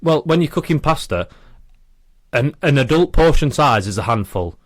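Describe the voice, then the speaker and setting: Podcast co-host: young northern English guy, lively rambling delivery, dry close mic. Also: medium pitch, normal speed, no echo. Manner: rambling, reasons aloud with restarts. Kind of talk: casual chat.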